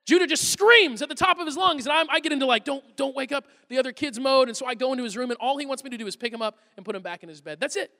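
A man pastor with a very high, bright voice tells humorous family stories in an Easter sermon. His words carry a long reverb from a large church hall. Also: very fast, hardly any pauses. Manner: humorous storytelling, self-deprecating asides. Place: church auditorium.

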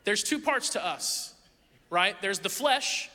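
A middle-aged male pastor preaches in a loose, conversational way, telling candid stories that poke fun at himself. His voice sits high and rings bright and forceful. The sound carries the long reverb of a large church hall. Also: slow pace. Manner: candid, self-deprecating, lively anecdotes. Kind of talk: conversational sermon storytelling. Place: church sanctuary.

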